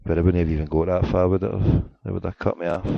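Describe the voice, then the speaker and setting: A man's voice: low voice, fairly even intonation, fast talker, gravelly, dry recording. Man ranting on a dull lo-fi stream. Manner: mock-indignant and joking, talking to a live chat. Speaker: internet radio host. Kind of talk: casual live radio rant. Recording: dry, dull lo-fi internet radio sound.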